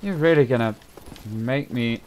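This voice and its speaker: A man's voice: medium pitch, unhurried, a little mellow, slight background noise. A man casually commenting while he plays a video game, chatty and given to sudden exclamations and swearing, with game music behind him. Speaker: gaming channel host. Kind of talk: casual let's-play commentary.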